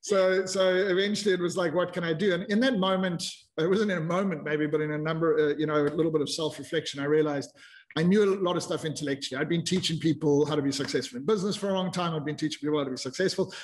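A man's voice: fairly high pitch, fairly even intonation, quick pace. A man in his fifties, a podcast guest telling his story in a candid, reflective way with frequent restarts. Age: 50s. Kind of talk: casual interview chat.

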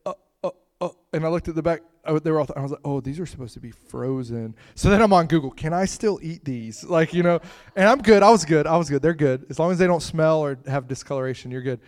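A middle-aged man preaching a sermon in a conversational, storytelling way, with laughing asides and swings from loud bursts to hushed remarks. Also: fairly high pitch, quick pace.

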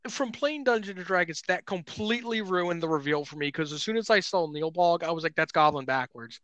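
Male podcast co-host, high-pitched, excitable rambler, dry close recording. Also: brisk, no room sound. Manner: rambling, excitable, laughs often. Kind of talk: casual chat.

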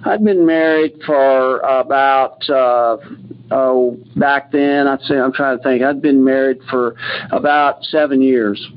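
A man's voice: mid-range voice, steady tone, slow. Man telling his story, dull lo-fi recording. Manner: rambling, retells others' words with "he says". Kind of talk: personal storytelling interview. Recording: dull lo-fi sound.

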